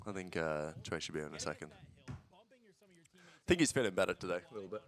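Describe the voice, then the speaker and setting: A man streaming casual watch-along commentary on esports matches, blunt and swearing, bursting into excited play-by-play. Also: sits low, fast talker, long pauses.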